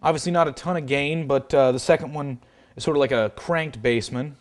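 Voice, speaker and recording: A man's voice: on the high side, fairly quick. Man casually demoing a guitar amp. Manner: loose, hedging explanations with many fillers. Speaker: guitar gear demonstrator. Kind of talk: casual product demo walkthrough.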